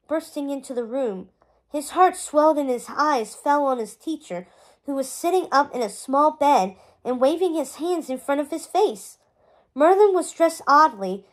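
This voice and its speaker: A woman reading a chapter book aloud, narrating expressively. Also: sits high. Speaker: storybook reader.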